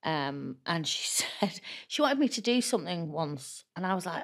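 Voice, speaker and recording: A woman's voice: on the low side, big pitch swings, moderate pace, gravelly. A middle-aged woman guest talking frankly and chattily in a podcast interview, laughing easily and acting out the things people said to her. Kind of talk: candid conversational interview.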